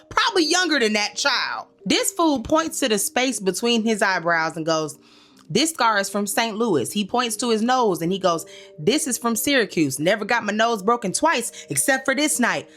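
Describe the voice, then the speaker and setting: Lively sassy woman recapping an episode. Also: on the high side. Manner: animated, sassy, talks back to characters in quoted asides; slangy, addresses listeners as y'all. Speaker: comedic commentary host. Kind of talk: comedic recap commentary.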